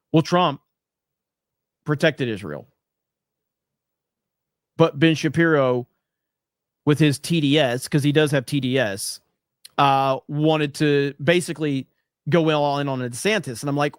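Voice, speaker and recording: A man's voice: a little high, takes it slowly, clean tone, no room sound, studio quality. A man hosting a livestream, reading viewer messages aloud in casual, wisecracking chat with loose swearing. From USA. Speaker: livestream host reading super chats.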